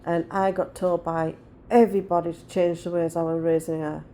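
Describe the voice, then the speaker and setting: A woman's voice: fairly low pitch, flat delivery, normal speed, dark tone. A woman in her forties chatting casually to her viewers, blunt and rambling as she tells stories. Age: 40s. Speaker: vlogger. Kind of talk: casual chat.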